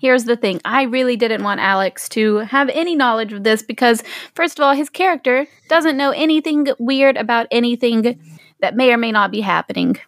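A woman's voice: fairly high pitch, moderate pace, no echo, clean studio sound. A woman running a tabletop role-playing game, chatting casually and laughing often. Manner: giggly, animated, frequent laughter. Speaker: game master.

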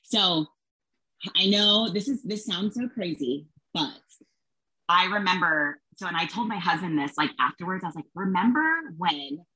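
Chatty thirties woman, lowish breathy voice, lots of likes and ums. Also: normal speed, sharp tone, no echo, low-quality recording. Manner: chatty, filler-heavy, acts out quotes. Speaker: guest. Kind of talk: casual storytelling.

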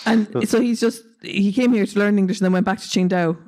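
A man from Ireland hosting a casual chat, asking quick joking follow-up questions. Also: high voice, steady tone, darkish tone. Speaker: podcast host.

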